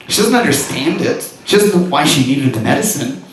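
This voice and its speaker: Animated rabbi telling a story in an echoing hall. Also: male voice, on the high side, normal speed. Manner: animated, often laughing mid-story. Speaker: rabbi giving a lecture. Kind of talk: storytelling talk to an audience. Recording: echoey hall, mic far off, faint noise.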